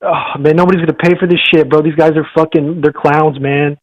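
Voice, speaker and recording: Fast-talking profane male caller. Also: a little high, fairly even intonation, dry recording, lo-fi sound. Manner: profane, blunt trash talk. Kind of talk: call-in boxing rant.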